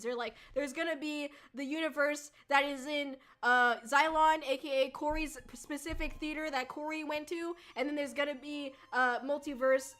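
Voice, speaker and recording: A woman's voice: high-pitched, sharp tone. A woman streaming as a VTuber, chatting casually in a rambling way, swearing and laughing often. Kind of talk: casual livestream chat.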